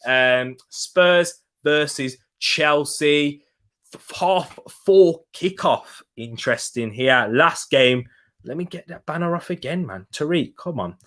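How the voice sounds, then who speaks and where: A man's voice: fairly high pitch, slow, a bit bright. A young man casually hosting a football live stream, reading viewer comments and urging them to like the video. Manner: chatty, hypes viewers for likes. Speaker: football livestream host.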